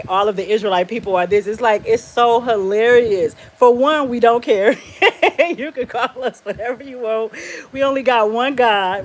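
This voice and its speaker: A woman on a casual live stream, speaking in a somewhat high voice. She is blunt and defiant, laughs often, and talks straight back to viewers' comments. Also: a little hiss or hum.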